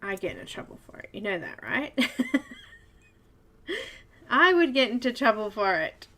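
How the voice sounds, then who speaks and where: A woman's voice: medium pitch, very animated, normal speed, pushed and bright. A woman with an Australian accent hosting a casual live coloring stream, chatty and giggly, greeting viewers one by one by name.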